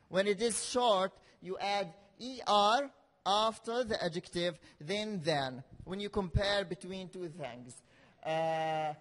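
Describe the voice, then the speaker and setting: A male teacher giving a classroom grammar lesson, speaking slowly and repeating key words for his learners. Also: sits high. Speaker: English teacher. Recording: reverberant classroom hall.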